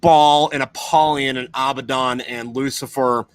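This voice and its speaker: A man's voice: medium pitch, steady tone, a little slow, clean tone, no room sound. A man in casual podcast chat who tells stories in a rambling, profane way.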